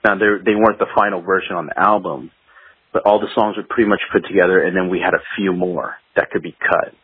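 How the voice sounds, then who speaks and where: A man with a husky, low-pitched voice tells rambling stories from his days as a guitarist and laughs between them. He comes through a thin, phone-like line. The sound is dry, with no room echo. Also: fairly even intonation, quick pace. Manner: rambling and anecdotal, laughs while telling stories. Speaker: guest musician, guitarist. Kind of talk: casual interview storytelling.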